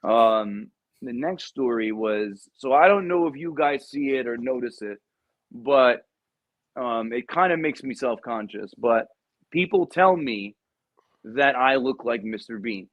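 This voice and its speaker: A man's voice: mid-range voice, animated, measured pace, no echo. Man telling rambling war stories. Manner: rambling, profane, many ums. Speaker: podcast guest, Marine veteran. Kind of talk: casual storytelling. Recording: dull, dry lo-fi recording.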